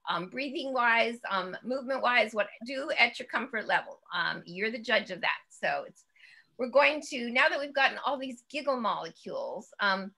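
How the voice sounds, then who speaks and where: Bright, upbeat woman leading laughter yoga. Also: on the high side. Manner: upbeat, chanting and laughing along. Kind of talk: guided laughter exercise class.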